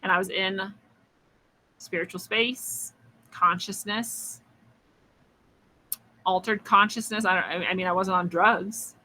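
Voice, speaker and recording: A woman's voice: medium pitch, pushed and bright, slight background noise, rough recording. A woman hosting a podcast, musing through a spiritual story in a chatty way, with frequent laughs and restarts. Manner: acts out quoted voices. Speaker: podcast host.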